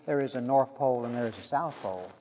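A man preaching a sermon, telling stories with dramatic pauses and dropping to a hush for emphasis. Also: medium pitch. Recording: dull sound with long hall reverb.

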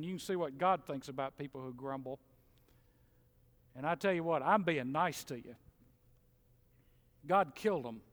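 A middle-aged man preaching a sermon in a church, folksy and animated, mimicking grumblers. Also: sits high. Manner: animated, folksy, mocks complainers in mimicking voices. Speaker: pastor. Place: church sanctuary. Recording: long hall reverb.

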